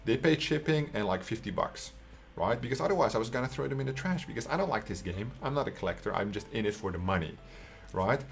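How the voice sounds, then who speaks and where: A man's voice: mid-range voice, animated, fast talker, vocal fry. A Dutch man in his twenties with a Dutch accent, telling a personal story in a casual, profane way and often tagging his sentences with "right?". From Netherlands. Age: 20s. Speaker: online coach.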